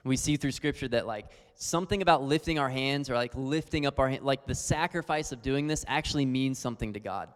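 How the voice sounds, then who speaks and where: A man's voice: medium pitch, a little fast, hardly any pauses, clear, resonant tone. A man teaching on worship in an earnest, conversational sermon style, full of fillers. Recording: long hall reverb.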